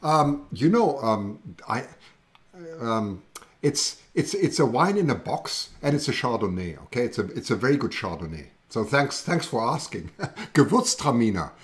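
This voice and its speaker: A man's voice: medium pitch, big pitch swings, normal speed. A man with a German accent, hosting a casual livestream, chatting and rambling and reading out viewer comments. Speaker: livestream host.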